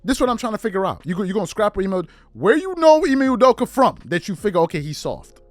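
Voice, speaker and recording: A man's voice: high-pitched, sing-song, rapid-fire, no echo, faint music behind. A man hosting a podcast, riffing through incredulous rhetorical questions in casual commentary. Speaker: podcast host.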